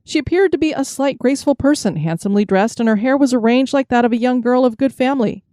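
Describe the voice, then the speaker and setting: Female podcast storyteller, mellow and dry, measured reading of spooky tales. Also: sits high, dry recording. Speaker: podcast host. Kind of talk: storytelling narration.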